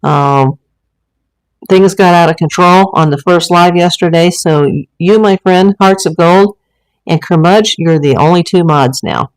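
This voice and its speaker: A woman with a somewhat low voice hosts a casual livestream from her room at home. She rambles along in a chatty way, full of fillers and restarts, speaking straight to her viewers. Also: unhurried, rough recording. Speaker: livestream host. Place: home room with a green screen and ring light.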